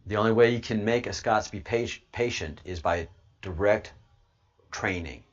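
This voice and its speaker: An American man hosting his channel in a casual, rambling livestream monologue, excitable and swinging from low mutters to loud outbursts. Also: normal speed, highs cut off. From United States. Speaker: channel host.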